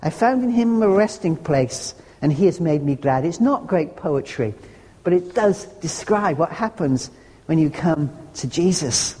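A man's voice: on the high side, lively intonation, unhurried, dark tone, breathy edge. A man preaching a sermon, earnest and conversational, with homely humorous asides. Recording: long hall reverb.

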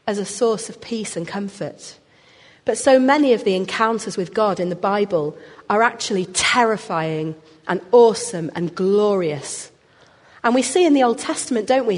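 A woman preaches a sermon in a church with a long, ringing reverb. Her voice sits at an ordinary middle pitch. She speaks expressively and lifts her emphasis on the words that matter.

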